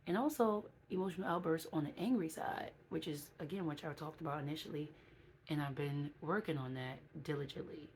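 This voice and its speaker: Low-voiced chatty woman vlogging. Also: darkish tone, a little hiss or hum. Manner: chatty, candid, acts out voices of others. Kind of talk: casual vlog talk.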